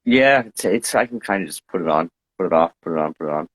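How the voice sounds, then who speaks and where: A man's voice: low-pitched, expressive, fast, a crowd in the background. A man chatting casually as a guest, telling playful, rambling stories while suffering from hay fever. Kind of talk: casual chat.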